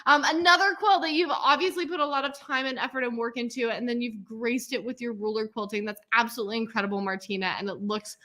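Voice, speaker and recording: A woman hosting a quilting class celebration, gushing with praise and calling out each student's name with a loud cheer. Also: on the high side, fast talker, hardly any pauses. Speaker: quilting teacher and host. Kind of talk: livestream celebration of student work.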